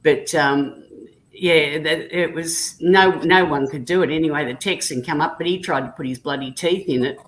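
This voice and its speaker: Low-voiced Australian woman telling yarns. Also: normal speed, poor audio. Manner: chatty anecdotal storyteller. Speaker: guest on a live chat stream. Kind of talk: casual chat.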